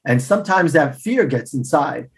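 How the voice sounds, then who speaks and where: A middle-aged man answers as a podcast guest, spinning his personal anecdotes with lively energy and acting out each line of dialogue. His voice sits a touch higher than most men's, and he keeps a relaxed, conversational storytelling flow. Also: moderate pace, gravelly.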